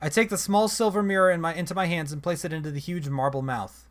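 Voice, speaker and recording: A man with a fairly high voice reads a text adventure aloud as a let's play host. His narration is casual and conversational, often stopping for chatty asides. He corrects himself as he goes. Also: steady tone, fast talker.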